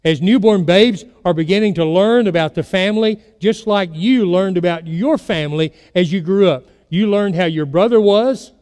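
A man's voice: high-pitched, moderate pace, hardly any pauses, darkish tone, long reverb tail. A man preaching a sermon as pastor, telling stories and putting questions to his congregation. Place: church sanctuary.

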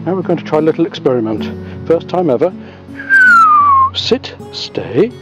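A man trains a young gundog outdoors, mixing short commands with enthusiastic, sing-song praise. His voice sits high and leaps around in pitch. Loud music plays over the outdoor recording. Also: expressive, rapid-fire, dull audio. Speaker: dog trainer. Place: outdoors in the countryside. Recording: outdoor field audio under loud music.

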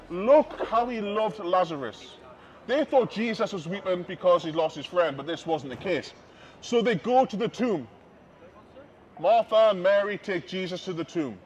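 A man preaching an open-air street sermon, impassioned and repetitive, building emphasis. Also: sits high. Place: outdoors on a city street. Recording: dull lo-fi outdoor recording with faint noise.

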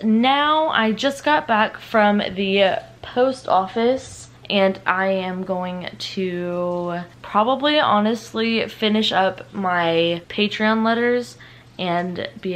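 A young adult woman chatting casually at home in a rambling, self-mocking way as a book vlogger. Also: mid-range voice. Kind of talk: casual vlog chat. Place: home, indoors at night.

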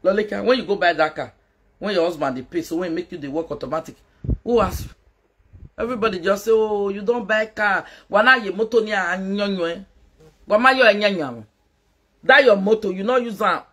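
A woman's voice: medium pitch, a little fast, a bit bright, husky. A Nigerian woman doing a casual live-stream gossip rant as a social media commentator, mocking, laughing and scolding.

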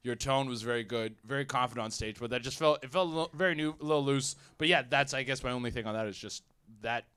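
A man's voice: mid-range voice, fast, a bit bright, clear, resonant tone. A man giving hesitant, filler-heavy feedback to a comic as a guest judge in a comedy club.

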